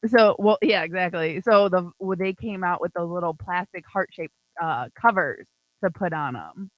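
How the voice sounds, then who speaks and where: A man with a high voice chats on a radio show, remembering things in a loose, easygoing way. The sound is close and dry, with no room around it. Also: moderate pace, no echo, poor audio. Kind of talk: casual radio chat.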